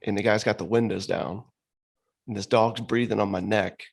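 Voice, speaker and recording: A man's voice: on the low side, steady tone, moderate pace, vocal fry, breathy edge. A man co-hosting a podcast, telling a story in casual chat, laughing often and saying bro and dude. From Florida. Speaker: podcast co-host.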